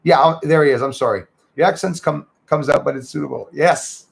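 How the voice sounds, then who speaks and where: A man's voice: fairly high pitch, fairly quick, vocal fry, low-quality recording. A man hosting a livestream, chatting casually and upbeat with his viewers and thanking them by name. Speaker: livestream host.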